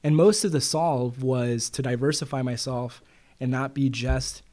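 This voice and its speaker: A man's voice: medium pitch, unhurried, darkish tone. A middle-aged man, a loan broker, telling stories in a casual interview and quoting others with "he goes.".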